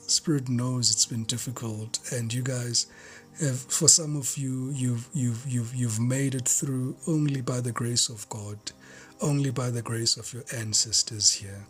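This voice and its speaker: A man gives a collective tarot reading in a fervent, repetitive way. His voice is mid-pitched, and he often drops to a hushed whisper. Faint music plays behind him. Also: steady tone, unhurried. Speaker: tarot reader.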